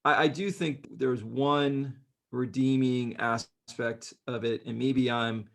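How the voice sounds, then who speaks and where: A man with a gravelly, fry-tinged voice, talking loosely as a podcast co-host. He banters and jokes in an easygoing way. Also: mid-range voice, steady tone, slow pace. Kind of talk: casual podcast chat.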